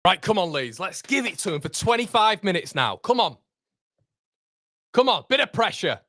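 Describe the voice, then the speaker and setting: Excitable man, high voice. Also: moderate pace, dry recording, clean studio sound. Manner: excitable, swings from groans to shouting. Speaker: fan channel host. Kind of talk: live match watchalong reaction.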